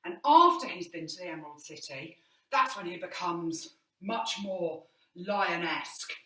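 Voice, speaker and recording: A woman's voice: on the low side, expressive, a little slow, bright, forceful tone. A woman drama teacher giving an online movement lesson indoors, encouraging and demonstrating as she explains. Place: indoor room. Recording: roomy, mic at a distance.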